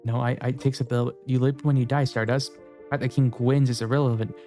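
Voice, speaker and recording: A cool, unhurried star-headed companion, read aloud by a man from a video game. It asks flat, pointed questions without pity. The voice sits low and mellow, with faint music underneath. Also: natural voice. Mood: coolly insistent. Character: calm, cryptic, impatient star-headed companion, genderless. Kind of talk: reading game dialogue aloud.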